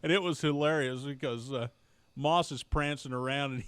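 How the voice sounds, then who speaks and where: A man, co-hosting a morning radio show and telling stories with animated laughter. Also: a little high, normal speed, clear, resonant tone, no echo. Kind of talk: casual radio banter.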